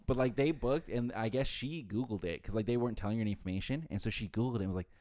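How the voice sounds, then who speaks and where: Young male, low-pitched, rapid casual venter, swears a lot. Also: darkish tone, dry recording. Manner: fast, rambling, heavy swearing and "like" fillers. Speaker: hotel front desk worker. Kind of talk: casual chat.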